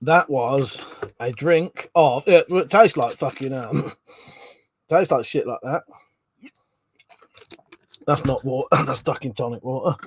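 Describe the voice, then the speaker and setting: A man's voice: mid-range voice, slow pace, pauses often, slight background noise. A middle-aged man hosting a casual live stream, swearing freely, laughing often and chatting about viewers' comments.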